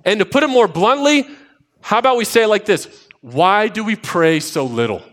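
Animated man preaching with a higher voice. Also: normal speed. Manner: animated storytelling, rising to emphatic repeated lines. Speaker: pastor. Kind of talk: sermon with personal stories.

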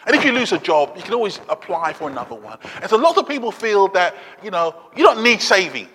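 A man preaching a sermon, swinging between loud urgent appeals and quiet, low asides. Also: very animated, fast talker, in a large hall, a little hiss or hum.

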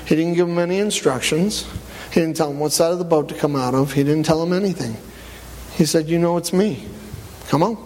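High-voiced preaching man in echoing hall. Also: brisk, slight background noise. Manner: animated, swings from loud to low. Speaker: pastor. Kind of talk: sermon. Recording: long church hall reverb.

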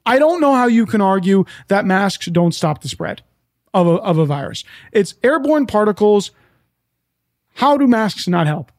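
High-voiced man ranting sarcastically. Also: a little mellow, no echo, studio quality. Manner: profane, sarcastic and exasperated; repeats himself, asks rhetorical questions. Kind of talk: ranting monologue.

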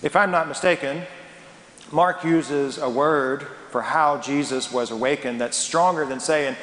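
Slow, dramatic preaching man in echoey hall. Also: a little high, a bit bright. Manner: dramatic, emphatic preaching with rhetorical questions. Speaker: pastor. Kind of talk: sermon. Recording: echoey hall with long reverb.

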